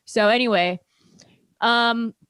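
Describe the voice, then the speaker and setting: A woman's voice: fairly high pitch, steady tone, slow, a bit bright, smooth, no room sound, clean studio sound. A woman co-hosting a podcast in casual chat, telling rambling, profane stories with mimicked quotes. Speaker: podcast co-host.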